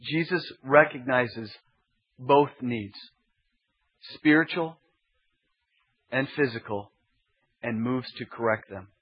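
A man's voice: mid-range voice, slow, pauses often, husky. A man preaching as a pastor, teaching emphatically with building repetition. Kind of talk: expository sermon. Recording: dull lo-fi sermon recording.

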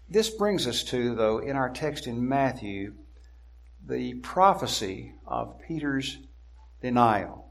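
A man preaching an expository sermon, deliberate and emphatic, slowing down to stress key words. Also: medium pitch, creaky.

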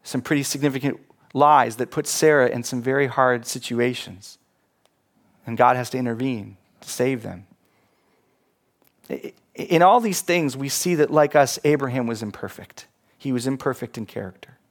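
A man preaching a sermon as pastor, animated, acting out quoted voices and laughing at himself. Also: medium pitch, normal speed.

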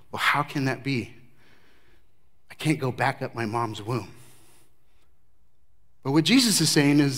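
A man preaching a sermon verse by verse, emphatic, with his voice swinging from loud declarations to hushed remarks. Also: mid-range voice. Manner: emphatic, varies loudness widely, drops to hushed tones. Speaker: pastor. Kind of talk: expository sermon.

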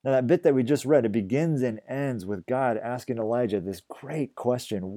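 A man preaching a reflective sermon, often dropping to a hushed, gentle voice. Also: mid-range voice, moderate pace, no echo. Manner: gentle, reflective, drops to a hush on quiet phrases. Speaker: pastor.

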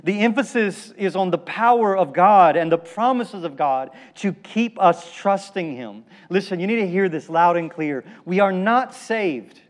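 A man preaching a sermon as pastor, building emphatic repeated phrases and dropping to hushed lines. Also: high-pitched, moderate pace, few pauses. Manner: preaching with emphatic, rhythmic repetition and dramatic drops to a hushed voice.

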